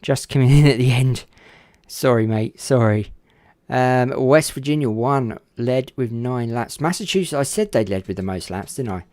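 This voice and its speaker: A man giving casual live commentary on a simulated car race, chatting to viewers and getting excitable. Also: moderate pace, no room sound. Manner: chatty, talks to viewers in chat, gets excited and pitch jumps up. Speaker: sim racing commentator.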